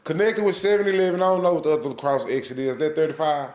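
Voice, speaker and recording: A man's voice: on the high side, fast, a little mellow, echoey room. A man hosting a casual interview podcast, dropping blunt joking asides. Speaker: podcast host.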